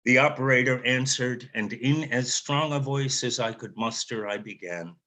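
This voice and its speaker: Author reading his own memoir, unhurried, reflective narration. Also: medium pitch, sharp tone. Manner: measured, reflective storytelling.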